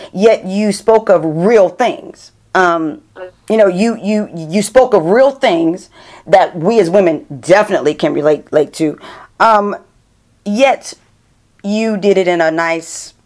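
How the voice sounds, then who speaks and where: A middle-aged woman interviewing a guest in a casual, animated chat, full of restarts. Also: mid-range voice. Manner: chatty, animated storytelling with many restarts.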